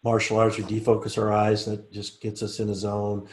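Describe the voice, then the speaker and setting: A middle-aged man teaching a live online class, chatting casually and then talking the group slowly through a relaxation exercise. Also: fairly low pitch. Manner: relaxed, coaxing, speaks slowly and softly when guiding. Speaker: teacher leading a group session.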